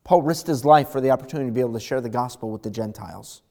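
A man's voice: medium pitch, rapid-fire, creaky. Dynamic male preacher. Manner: dynamic preacher, swings from loud emphatic to hushed. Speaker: pastor. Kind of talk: sermon.

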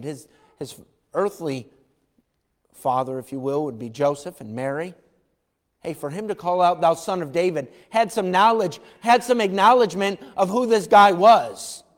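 A man preaches a lively sermon, his voice set a little high for a man. He acts out the voices of the people in his story and shouts for emphasis. A long reverb trails each line, as in a big church hall. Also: unhurried. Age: adult parent. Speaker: pastor.

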